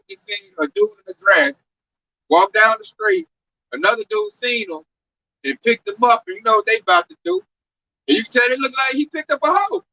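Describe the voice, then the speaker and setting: A man preaching on a downtown street in an animated, slangy, exclamatory way. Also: very high voice, gravelly, recorded from a distance, slight background noise, poor audio.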